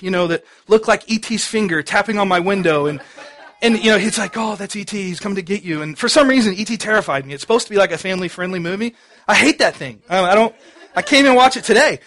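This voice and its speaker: A pastor giving a sermon, telling stories in a conversational way with many fillers. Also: male voice, sits high, fairly bright tone. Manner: conversational storytelling with frequent fillers.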